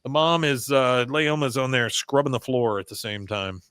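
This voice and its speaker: A man's voice: medium pitch, moderate pace, fairly bright tone, smooth, no echo, clean studio sound. A man hosting a podcast, casually recapping a cartoon episode, acting out quoted lines in put-on voices and laughing often. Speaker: podcast host.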